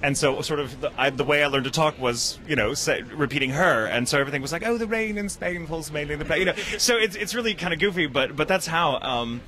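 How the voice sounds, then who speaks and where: A man who voices anime characters, chatting about his work at a convention interview, animated and quick to laugh at himself. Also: a little high. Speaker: voice actor and writer. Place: convention venue.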